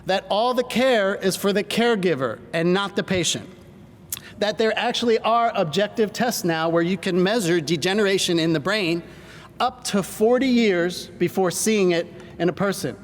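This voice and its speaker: A middle-aged man, a doctor, giving an energetic seminar talk to a live audience and drawing them into call-and-response. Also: moderate pace. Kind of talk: stage presentation to a live audience. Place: large hall with audience. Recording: hall reverb, faint rumble.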